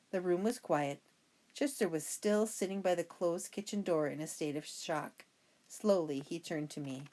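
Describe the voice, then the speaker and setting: A woman's voice: fairly low pitch, moderate pace, dark tone. A woman reading a children's storybook aloud, narrating expressively. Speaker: reader.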